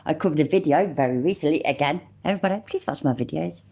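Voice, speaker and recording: A woman's voice: deep voice, quick pace, gravelly, mellow. A woman hosting a reaction commentary, blunt, sweary and mocking. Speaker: commentary channel host.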